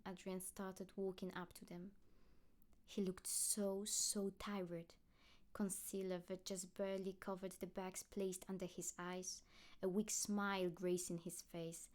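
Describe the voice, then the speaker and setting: Woman narrator reading fan fiction, animated storytelling. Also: mid-range voice, unhurried.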